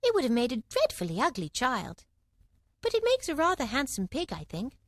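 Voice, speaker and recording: Woman voicing a young girl, curious, earnest, indignant questions, high lively voice. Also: moderate pace, dry recording, exaggerated voice. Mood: musing.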